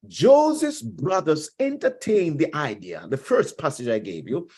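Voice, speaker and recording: High, lively husky-voiced male preacher. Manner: emphatic preaching, repeats key phrases for stress; addresses congregation directly. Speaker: pastor. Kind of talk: sermon.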